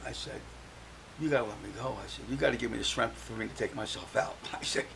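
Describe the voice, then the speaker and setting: A man's voice: mid-range voice, fast, creaky, background noise. An older man, a guest on a talk show, telling his personal story and acting out the voices of the people he quotes.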